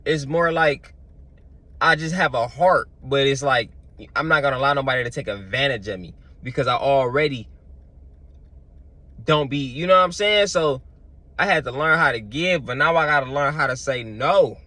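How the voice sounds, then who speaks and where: A man's voice: mid-range voice, normal speed, bright, forceful tone, no room sound. A young man, telling stories in a loose, slangy vlog monologue full of fillers. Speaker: vlogger. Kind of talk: casual storytelling monologue.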